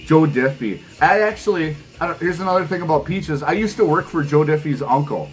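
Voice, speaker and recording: A middle-aged man talks casually to his camera, rambling and emphatic with frequent laughs. His voice sits a touch high for a man. Faint music plays behind him. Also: lively intonation, a little fast, low-quality recording. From Wisconsin, USA. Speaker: vinyl channel host. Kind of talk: casual vlog chat to camera.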